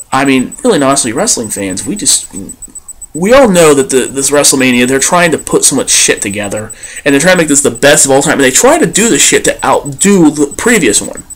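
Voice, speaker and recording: A man's voice: mid-range voice, a bit bright. A man ranting bluntly and profanely as a vlogger. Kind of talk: ranting commentary.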